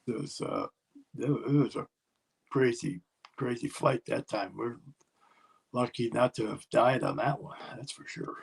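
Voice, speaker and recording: An older man, a former pro wrestler, telling a road story in a casual interview and acting out other people's yelling. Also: mid-range voice, a little slow, pauses often. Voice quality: gravelly, husky.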